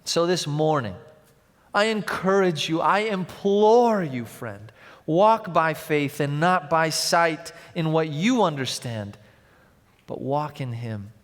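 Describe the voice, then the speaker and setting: Male pastor, slightly higher voice, church reverb, dramatic storytelling sermon. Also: expressive, takes it slowly. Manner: storytelling, swings from loud to hushed. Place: large church. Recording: long church hall reverb.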